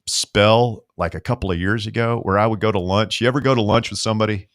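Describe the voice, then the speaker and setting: A man co-hosting a sports talk show, telling animated self-mocking stories in casual banter. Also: on the low side, fast. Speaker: sports radio co-host.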